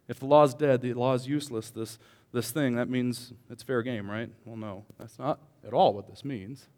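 A male pastor delivers a lively sermon, dropping to quiet asides and then building to loud, emphatic lines. He jokes with the congregation as he goes. His voice carries a long reverb from the church hall. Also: mid-range voice. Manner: animated, joking, swings from quiet to loud.

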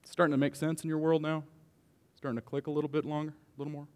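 A man preaching a sermon as a pastor, joking with the congregation and swinging between quiet asides and loud emphatic lines. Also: a little high, flat delivery, quick pace, long reverb tail. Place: church hall.

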